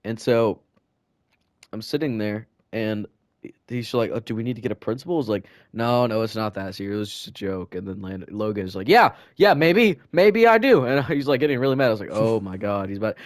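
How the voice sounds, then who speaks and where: A man's voice: lowish voice, fast talker, a little mellow, no echo, clean studio sound. A teenage boy casually telling school stories on a podcast, rambling and laughing, with lots of fillers and restarts. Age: teens. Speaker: podcast co-host. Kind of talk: casual storytelling chat.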